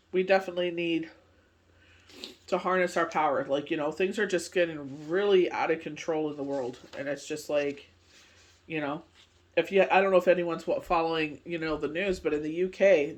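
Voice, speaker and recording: A woman's voice: low-pitched, fairly even intonation, moderate pace. A woman doing a casual, rambling tarot card reading, full of filler phrases and asides. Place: speaking from Canada.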